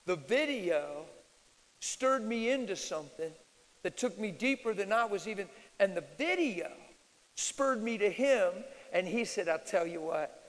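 A male preacher teaching at a live church Q&A, swinging from loud declarations to quiet asides. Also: expressive, unhurried. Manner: emphatic, shifts from loud declarations to low asides. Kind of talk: sermon-style Q&A teaching. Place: large church hall, live audience. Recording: reverberant hall.

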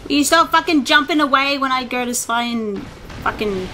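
Bright-voiced woman doing excitable game commentary. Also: sits high, moderate pace, a little hiss or hum. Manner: excitable, swearing, laughing often. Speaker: gaming let's-play host.

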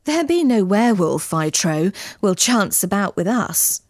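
A woman's voice: mid-range voice, big pitch swings, a little slow, no echo, clean studio sound. Boastful knight voiced by a woman narrator. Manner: boastful, swaggering archaic speech. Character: boastful medieval knight, a young man.

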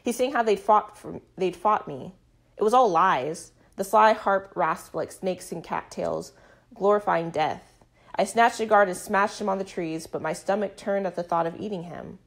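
A woman reading a first-person literary novel aloud, with sudden loud and hushed outbursts. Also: medium pitch, moderate pace, vocal fry. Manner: dramatic reading with shouted and whispered outbursts. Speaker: audiobook reader.

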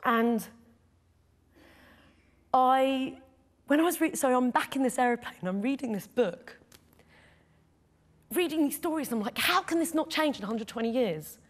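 Middle-aged woman, kinda high voice, earnest and emotional, telling her story in an interview. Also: animated, normal speed, pauses often. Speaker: photojournalist guest.

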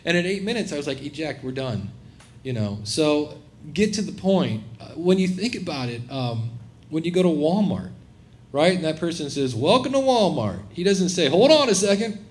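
Speaking at a moderate pace in a fairly high voice, a middle-aged man addresses a live conference session casually. His delivery is animated, and he performs the voices of the people he quotes.

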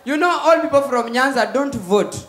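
Kenyan male stand-up comic, very high pitch, loud and punchy delivery, echoey live-stage recording. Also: normal speed. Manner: loud, mixes Swahili and English, acts out voices. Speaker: stand-up comedian. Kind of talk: stand-up comedy set. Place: live comedy stage with audience. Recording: echoey live venue with faint ambience.

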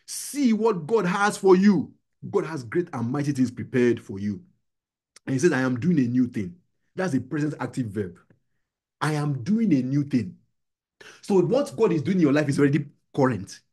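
Husky-voiced man preaching with fervor. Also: medium pitch, expressive, moderate pace, warm tone. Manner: exhorting, repetitive preaching with call-and-response. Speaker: pastor. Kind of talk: sermon. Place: small church gathering.

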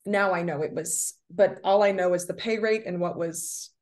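A young actress from the States talks casually in an interview. She is chatty and leans on fillers like "like" and "um". Her voice sits a little low. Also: moderate pace, a little mellow. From United States. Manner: chatty, many fillers, laughs often.

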